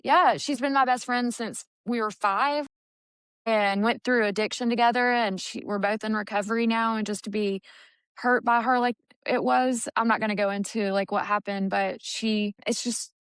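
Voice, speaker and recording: Female podcast co-host, earnest and open, smooth clear voice, dry mic. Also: fairly high pitch, steady tone, moderate pace, a bit bright, no echo. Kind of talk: casual recovery podcast chat.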